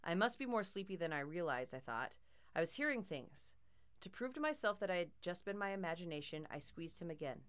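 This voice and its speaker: A woman's voice: fairly low pitch, lively intonation, brisk, clean tone. A woman narrating a first-person horror story in a tense, dramatic way.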